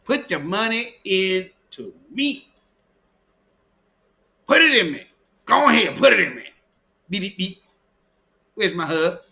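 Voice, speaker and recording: Fawning man begging for money, as a host mocks him; sing-song and taunting, pitched a bit high. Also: very animated, slow, vocal fry, long pauses, pushed and bright, full character voice. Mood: mocking.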